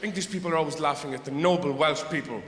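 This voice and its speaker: Rambling Irish comedian in a reverberant hall. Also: male voice, fairly high pitch, quick pace. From Ireland. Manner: rambling, wry, swings between mumbled asides and loud outbursts. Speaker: stand-up comedian. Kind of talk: stand-up comedy routine. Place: theatre stage before a live audience. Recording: roomy hall with long reverb.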